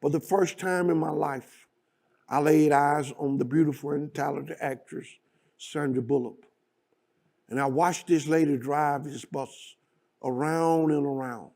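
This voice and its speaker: Gravelly man telling a dramatic story. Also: on the high side, fairly even intonation, measured pace, a little mellow. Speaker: guest speaker. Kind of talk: storytelling speech.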